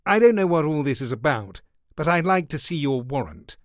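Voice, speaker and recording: A man's voice: a little high, big pitch swings, a little fast, no room sound, studio quality. A man voicing a scheming nightclub boss who talks sourly and slyly. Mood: defiant. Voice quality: sour, sly.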